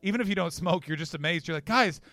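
A brash man with a high, bright, forceful voice, riffing and swearing through live Q&A banter. His stays plain throughout. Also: very fast, no room sound. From Canada. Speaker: comedian, guest.

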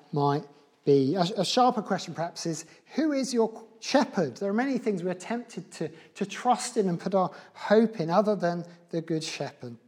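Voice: mid-range voice, a little mellow. A preacher delivering a sermon in a church, earnest and often restarting or repeating words.

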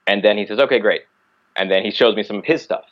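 Low male voice, lively storyteller, slightly dull recording. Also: quick pace. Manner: animated, acts out quoted dialogue. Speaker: podcast guest, martial artist. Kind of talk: casual storytelling.

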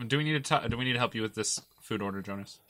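A man's voice: on the low side, rapid-fire. A man co-hosting a casual podcast, joking around and reading out listener comments. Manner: animated, joking, reads chat comments. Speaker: podcast co-host. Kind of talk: casual chat.

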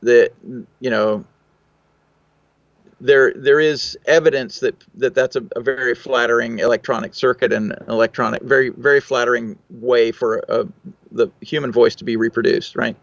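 A man's voice: medium pitch, fairly even intonation, moderate pace, dry recording, lo-fi sound. A man, a recording engineer, answering interview questions in a thoughtful, technical way with fillers and restarts.

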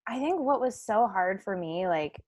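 A woman's voice: mid-range voice, lively intonation, moderate pace, darkish tone, dry recording. A woman in her twenties from the United States, chatting as a podcast guest and filling her talk with "like". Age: 20s. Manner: chatty, lots of "like" fillers. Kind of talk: casual interview chat.

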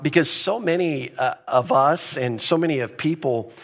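A man preaching a verse-by-verse sermon as pastor, earnest and teacherly, often repeating words and slowing down to stress a phrase. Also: a little high, fairly bright tone. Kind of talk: expository sermon.

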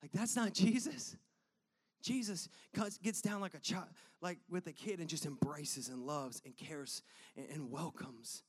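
A man preaching a sermon, telling a personal story with lively acted-out voices and frequent laughter. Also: a little high, measured pace, breathy edge. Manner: animated, acts out voices and laughs often. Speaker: pastor.

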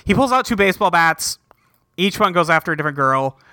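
A man casually recapping a movie with his co-hosts, talking quickly and swearing often. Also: sits high, expressive, pushed and bright, dry recording, clean studio sound. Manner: fast, profane retelling with quick voices for characters. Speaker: podcast co-host.

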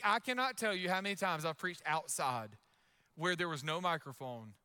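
A young adult man preaching a sermon as pastor, loud and energetic in his delivery. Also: fairly high pitch, normal speed, clean tone.

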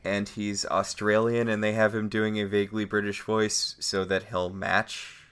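A man from the United States with a very low yet bright, forward voice, chatting on a podcast. He weighs each point thoughtfully, breaking down scenes and performances as he recaps the episode. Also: flat delivery, measured pace, clean tone. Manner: thoughtful, analytical. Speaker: podcast co-host. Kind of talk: casual chat recapping a TV episode.

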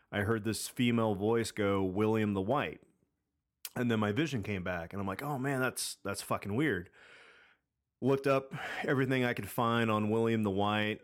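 A man in his thirties tells a long story on a casual podcast, wandering through fillers and restarts. His voice sits low and sounds clean and smooth. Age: 30s. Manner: rambling, many fillers and restarts. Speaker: podcast co-host.

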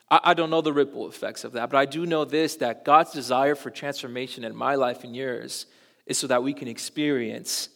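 A young adult man, a pastor, telling a personal story in a casual, animated sermon style and acting out bits of dialogue. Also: medium pitch, gravelly. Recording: long reverb of a large hall.

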